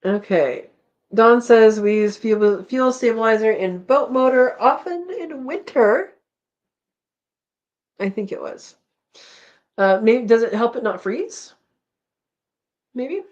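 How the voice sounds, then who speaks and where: A woman's voice: a little high, takes it slowly, pauses often, darkish tone. Give me a rambling, easygoing woman hosting a live chat, with a somewhat muffled, lo-fi recording. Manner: chatty, rambling, laughs often, reads comments aloud. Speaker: homesteading live chat host. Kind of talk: casual live chat reading viewer comments.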